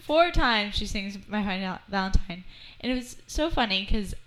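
A woman's voice: medium pitch, moderate pace, slight background noise, rough recording. A woman co-hosting a casual TV recap chat, telling it animatedly and quoting the characters. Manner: animated storyteller, quotes characters. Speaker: podcast co-host.

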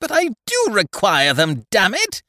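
Brief: male reader doing an excitable young gent, high and swooping, in a dry storybook reading. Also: moderate pace, no echo, full character voice. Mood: flustered. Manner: bright, eager exclamations, flustered outbursts. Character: excitable young gentleman, flustered and jovial.

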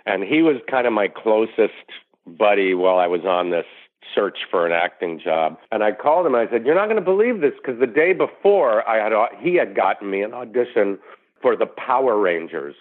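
This man from New York, an actor guest on a laid-back storytelling interview, brings his anecdotes to life by performing the voices in the quotes. He speaks in a lowish voice at a moderate pace, and the audio has a tinny, phone-line quality.

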